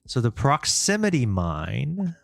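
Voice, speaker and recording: A man's voice: medium pitch, huge pitch swings, takes it slowly, gravelly, dry recording. A man streaming his indie game development, thinking aloud and chatting with viewers, often chuckling. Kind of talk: live-stream dev chat. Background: soft background music.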